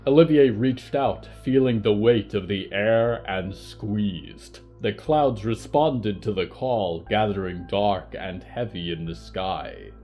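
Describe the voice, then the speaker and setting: A man narrating scripted horror fiction in a measured, steady way. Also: on the low side. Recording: soft music bed under narration.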